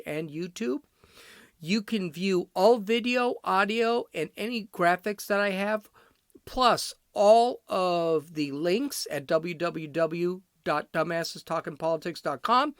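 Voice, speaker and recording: A middle-aged Chicago man hosts his own solo podcast, rambling, blunt, and opinionated, often cutting himself off mid-sentence. His voice is high and fairly bright, recorded with clean studio sound and no echo.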